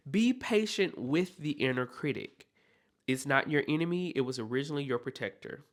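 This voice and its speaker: Guy doing a solo self-help podcast, super expressive pitch, encouraging and heartfelt, keeps saying okay. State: near tears at times. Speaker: podcast host.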